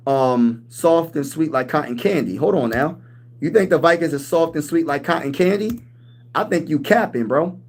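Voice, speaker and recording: Sports stream host, male, 30s, slightly high voice, hyped slangy chat-reading delivery. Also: slightly rough. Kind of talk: casual live-stream sports talk.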